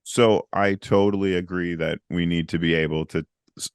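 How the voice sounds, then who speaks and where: A man co-hosting a podcast, telling a story in a casual, animated way and acting out the people in it. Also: deep voice, normal speed, smooth, no echo, clean studio sound. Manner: animated, acts out the people in his stories. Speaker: podcast co-host.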